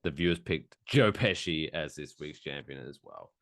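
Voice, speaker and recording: A man's voice: very deep voice, animated, moderate pace, creaky, a bit bright, dry recording, studio quality. A man co-hosting a podcast in casual banter, playful, with announcer-style build-ups that draw out names. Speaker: podcast co-host.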